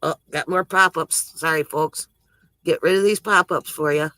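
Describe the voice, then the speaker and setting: Man, high bright voice, dry close sound; rambling joke teller who laughs at his own gags. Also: steady tone, moderate pace, no room sound, poor audio. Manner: chuckles at his own jokes; rambling, self-interrupting delivery. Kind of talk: casual joke telling on a livestream.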